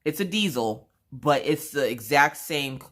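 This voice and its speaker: A woman vlogger telling a story in a chatty, slangy way, acting out the voices she quotes. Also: unhurried. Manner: animated, acts out quoted voices with big pitch jumps; casual slangy talk, addresses viewers as y'all.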